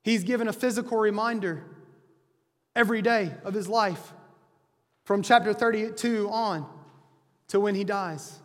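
A man's voice: sits high, unhurried, long pauses. A man preaching a sermon as a pastor, earnestly explaining scripture. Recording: long hall reverb.

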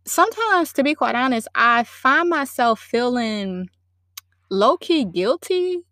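A woman's voice: on the high side, very animated, takes it slowly, crowd noise. A woman co-hosting a podcast, talking casually with slang and emphatic asides. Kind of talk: casual conversation.

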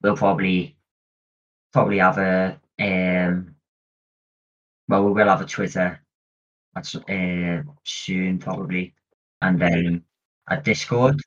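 A man's voice: low-pitched, steady tone, slow, pauses often. A man co-hosting a podcast, chatting in an easygoing way and planning aloud. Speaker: podcast co-host. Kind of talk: casual chat. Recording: dull lo-fi audio.

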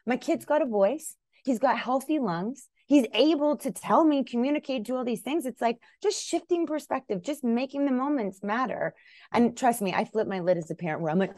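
Lively, blunt Canadian woman on a podcast. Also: fairly high pitch, moderate pace, no echo. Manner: lively, blunt, acts out her own thoughts in raised voices. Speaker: podcast guest. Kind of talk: casual interview chat.

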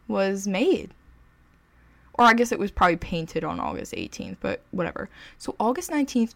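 A young woman talks casually to the camera and tells a story like an excited fan. Her voice has a gravelly fry. She is chatty and pokes fun at herself, and her pitch sits in an ordinary middle range. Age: young adult. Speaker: vlogger.

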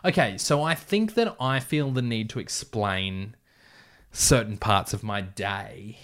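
A man's voice: on the low side, slow pace, a bit bright. A man reading his own story aloud, breaking off for wry, joking asides.

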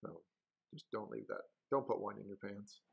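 A man co-hosting a wine podcast in casual chat, with dry, deadpan humor. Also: on the low side, moderate pace, vocal fry, breathy edge.

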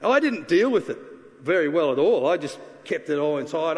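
A man preaching a sermon, earnestly telling a personal story and then leading a quiet prayer. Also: a little high, big pitch swings, normal speed. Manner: earnest, confessional, drops to a hushed voice for prayer. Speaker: pastor. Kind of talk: sermon with personal testimony and altar call. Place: church sanctuary. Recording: reverberant church hall with faint ambience.

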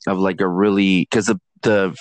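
A man's voice: low voice, flat delivery, moderate pace, dry recording, rough recording. A man chatting casually on a podcast, laid-back and hesitant, with lots of fillers. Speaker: podcast guest. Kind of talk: casual chat.

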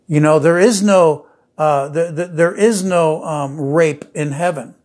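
A man's voice: a little high, a little slow, a little mellow. A man preaching a sermon, telling stories with many restarts and fillers, then building to emphatic declarations.

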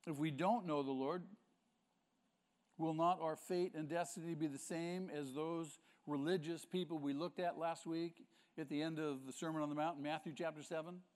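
A man's voice: on the high side, fairly even intonation, normal speed, darkish tone. A male pastor preaching a sermon with emphasis, asking the congregation rhetorical questions.

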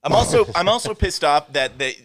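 A man co-hosting a casual movie-review chat, insistent and quick to argue his point. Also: sits high, animated, a bit bright. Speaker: podcast co-host.

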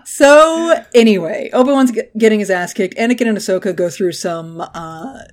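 A woman's voice: medium pitch, fairly quick, darkish tone. A woman in an easygoing podcast recap, her voice sitting in a middle register. She talks loosely, swears freely and keeps a dry, sarcastic edge as she walks through the plot. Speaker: podcast co-host. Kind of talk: casual episode recap chat.

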